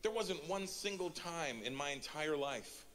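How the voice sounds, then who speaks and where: A man's voice: fairly high pitch, lively intonation, a little slow, a bit bright, slight background noise. A man in his forties from Canada performing a stand-up comedy routine, telling a story and acting out the quotes. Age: 40s.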